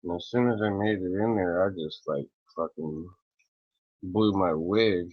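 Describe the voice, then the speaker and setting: A man in a rambling, profane, angry rant to camera who clears his throat often, recorded dull and lo-fi. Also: low voice, a little slow, no room sound. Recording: dull lo-fi, dry close sound.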